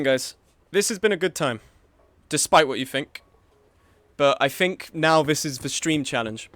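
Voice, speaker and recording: A man's voice: a little high, a bit bright, no room sound. Swearing, tilted young man streaming a game. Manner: frustrated, swearing, swings between muttering and outbursts. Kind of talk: live game stream commentary.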